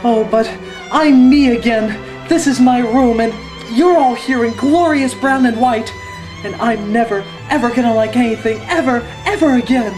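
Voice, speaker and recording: A man putting on a breathless, dreamy voice as someone waking from a dream, then bursting into shouting. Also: very high-pitched, moderate pace, music in the background, voice pushed up, low-quality recording. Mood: frantic.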